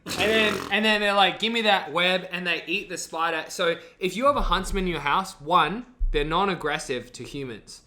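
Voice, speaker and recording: A man on a podcast with a bright, forceful voice pitched a touch high. He tells sweary, animated stories in loose chat. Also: normal speed. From Australia. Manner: animated, profane storytelling with laughs. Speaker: podcast guest.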